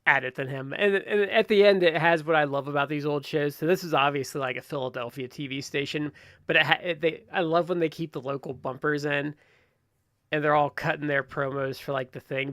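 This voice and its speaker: A man co-hosting a wrestling podcast, chatting casually with quick asides that trail off mid-sentence. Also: fairly high pitch, sharp tone, no echo, studio quality. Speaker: podcast co-host. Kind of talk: casual chat.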